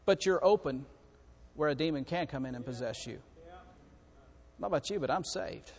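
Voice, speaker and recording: A male preacher delivering an impassioned, repetitive sermon that swings from quiet to loud. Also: on the high side, lively intonation, normal speed, long pauses, long reverb tail.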